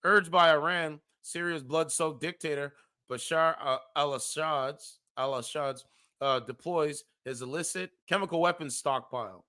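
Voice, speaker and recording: A man's voice: fairly high pitch, unhurried, pushed and bright. A man hosting a casual commentary show, reading an article aloud and stumbling over words, correcting himself, and breaking off into slangy asides.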